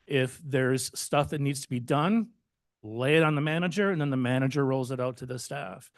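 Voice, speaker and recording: Measured male village manager, dry sound. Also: medium pitch, no echo. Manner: measured, deliberate, slightly defensive. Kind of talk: formal public meeting remarks. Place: commission meeting chamber.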